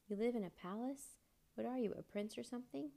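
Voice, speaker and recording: A woman doing an excitable young boy in a storybook who teases and jokes loudly. Pitched a bit above her low, gravelly voice. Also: brisk. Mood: teasing. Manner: teasing, loud.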